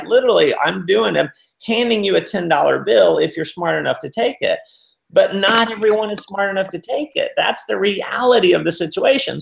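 A man's voice: a little high, creaky. A man giving a motivational business talk, telling stories and acting out the people in them. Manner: animated storyteller acting out quotes. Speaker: business speaker. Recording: roomy echo.

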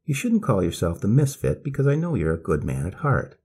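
A man's voice: on the low side, big pitch swings, fairly quick, dark tone, husky, full character voice. A man voicing a fussy, pleading elderly grandmother, anxious in manner.

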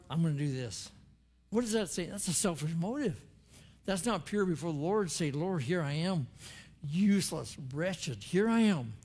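Older male pastor, conversational sermon delivery, slightly higher-pitched voice. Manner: earnest, conversational preaching with quoted prayers. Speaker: preacher. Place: church.

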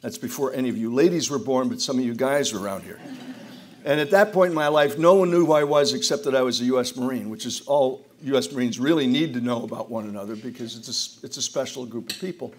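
A man from the United States, sixty or older, speaks fast at medium pitch as a roundtable speaker in an event hall. He tells humorous stories to the audience with wry self-deprecation, often restarting his sentences. There's slight background noise.

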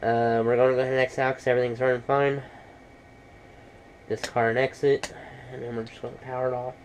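A man's voice: mid-range voice, flat delivery, fairly quick, slight background noise, rough recording. A man casually talking through a laptop repair in a how-to vlog, rambling and matter-of-fact. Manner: rambling, many fillers and restarts. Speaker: computer repair vlogger.

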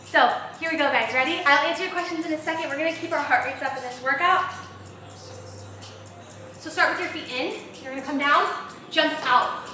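A young female fitness instructor's high voice is brisk yet pauses often, bright and forceful, with soft music in the background. She cheers upbeat through the reps of a live workout while out of breath, on a large, empty home gym floor. The sound is echoey, picked up by a distant mic.

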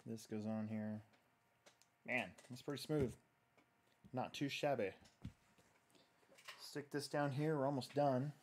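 A man's voice: mid-range voice, steady tone, takes it slowly, long pauses, darkish tone, a little hiss or hum. A man hosting a casual livestream, chatting loosely and reading viewer comments while he works on a build. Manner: rambling, chatty, reads viewer comments aloud. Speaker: host.

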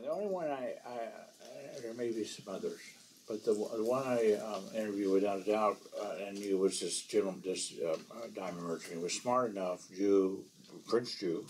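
A man's voice: on the low side, darkish tone, a little hiss or hum, rough recording. A man from the American South, an author giving a library talk, telling self-deprecating anecdotes and slipping in French phrases. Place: library event room.

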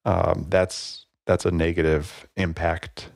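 A man's voice: sits low, slow, gravelly, no echo, clean studio sound. A man hosting a podcast alone, talking casually and rambling a little, with plenty of fillers. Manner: relaxed, rambling, many fillers. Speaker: podcast host. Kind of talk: casual solo podcast talk.

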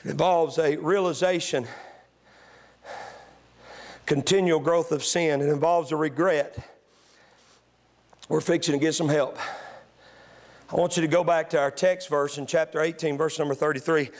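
Male pastor, high pitch, preaching sermon that swings from quiet teaching to shouting. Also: steady tone, normal speed, long pauses. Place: church sanctuary.

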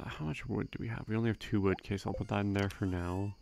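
A young man giving relaxed, rambling gameplay commentary, thinking aloud with frequent fillers. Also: fairly low pitch, fast, gravelly, slight background noise. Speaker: let's play gamer.

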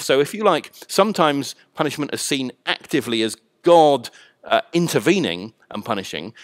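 Measured male Bible scholar, dry sound. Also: fairly high pitch, dry recording. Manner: measured, thoughtful, with frequent "uh" pauses. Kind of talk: explanatory teaching.

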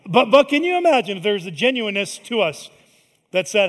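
A man's voice: sits high, very animated, normal speed, gravelly, big-room sound. A man preaching a sermon as pastor, in a conversational, emphatic style with frequent asides to the congregation. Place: large church hall.

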